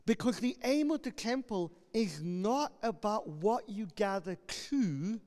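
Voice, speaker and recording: Brief: male pastor, high voice, passionate sermon, reverberant church hall. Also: animated, slow. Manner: impassioned preaching, rising to loud proclamations when reading scripture.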